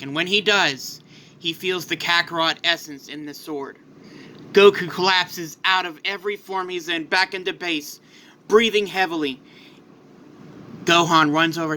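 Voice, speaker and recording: A man's voice: on the high side, steady tone, normal speed, sharp tone, a little hiss or hum. A man casually narrating a fan-made what-if story, loose and rambling with restarts.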